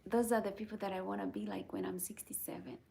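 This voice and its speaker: Gravelly woman giving earnest pep talks. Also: medium pitch, steady tone, fast, mellow, a little hiss or hum. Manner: earnest, repeats "right?" and "okay?" to check in with viewers. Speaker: channel host. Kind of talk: casual motivational chat while reading viewer comments.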